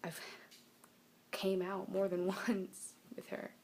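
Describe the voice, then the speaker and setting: A young woman telling a personal story to the camera in a soft, halting, emotional way. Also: mid-range voice, monotone, noisy background. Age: young adult. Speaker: vlogger.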